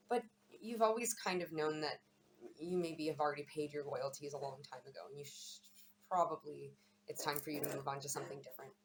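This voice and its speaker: Low-pitched woman reading tarot to camera, rapid and repetitive, faint noise behind. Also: steady tone. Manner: chatty, warm-hearted, repeats words. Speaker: tarot and astrology reader.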